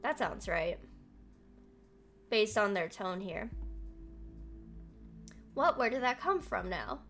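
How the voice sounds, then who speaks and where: A woman streaming a game live, reading its text aloud and chatting back at the story in a lively, talkative way. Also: medium pitch, takes it slowly, faint music behind.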